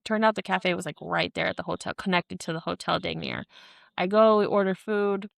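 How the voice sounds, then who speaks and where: A woman in her thirties, co-hosting a podcast and telling a story in a loose, animated way, with frank language and acted-out quotes. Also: on the low side, a little fast, creaky, dry recording, clean studio sound. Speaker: podcast co-host. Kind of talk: casual chat.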